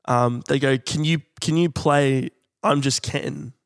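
A man's voice: medium pitch, steady tone, a little slow, vocal fry, smooth, dry recording, studio quality. Rambling man, chuckling. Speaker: musician and podcast co-host. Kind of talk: casual podcast chat.

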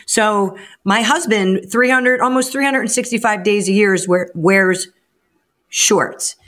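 Relaxed female radio co-host. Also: medium pitch, a little slow. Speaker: radio show co-host, mortgage advisor. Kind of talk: casual radio chat. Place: by the ocean, calling in remotely.

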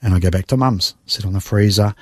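A middle-aged Australian man telling his life story in a conversation, emotional and reflective, pausing and sighing as he goes. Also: on the low side, darkish tone, no echo, clean studio sound. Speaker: guest. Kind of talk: personal testimony in conversation.

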